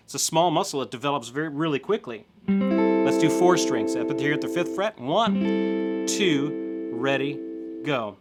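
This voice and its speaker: Speaking at a fairly high pitch, a middle-aged guitar teacher walks through a lesson one step at a time. He counts along encouragingly and keeps checking in with "okay?"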